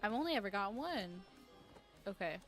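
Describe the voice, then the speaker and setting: A woman's voice: mid-range voice, big pitch swings, normal speed, faint music behind. A woman from New York chatting casually with her audience while playing a game live, rambling and peppering her talk with "like". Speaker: streamer.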